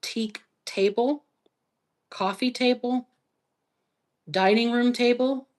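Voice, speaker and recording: A woman hosting a live stream psychic reading, talking slowly and musingly and spelling out letters as she goes. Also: a little high, steady tone, darkish tone. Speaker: psychic reader.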